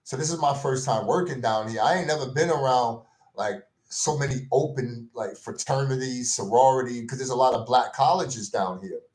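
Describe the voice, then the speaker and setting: A man's voice: mid-range voice, normal speed, darkish tone, echoey room. A man ranting casually in slang, repeating himself and tossing in "man" and "bro" as he vents his exasperation. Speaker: commentary vlogger. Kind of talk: casual rant.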